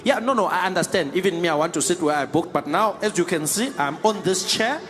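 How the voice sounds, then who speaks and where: A man's voice: sits high, lively intonation, fairly quick, a little hiss or hum. A comedian acting out a cheeky, easygoing South African man with a South African accent who coaxes in a sing-song way and ends lines with eh. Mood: reasoning. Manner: coaxing, sing-song, tags with eh. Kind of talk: stand-up comedy act-out.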